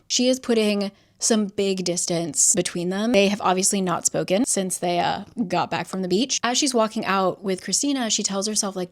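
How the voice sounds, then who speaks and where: Woman, casual plot recap, chatty, wry asides, giggly, mid-pitched voice. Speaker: book summary creator.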